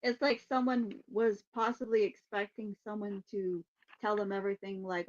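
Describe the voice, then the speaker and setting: A woman's voice: mid-range voice, flat delivery, moderate pace, muffled recording. A woman hosting a psychic podcast in a casual livestream chat, laughing often and swearing casually.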